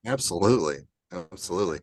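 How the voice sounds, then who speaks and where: A male podcast host with a very low voice asks his guest relaxed, rambling follow-up questions. His pitch swings widely as he talks. The sound is close and dry. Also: fast talker, no echo. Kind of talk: casual interview questions.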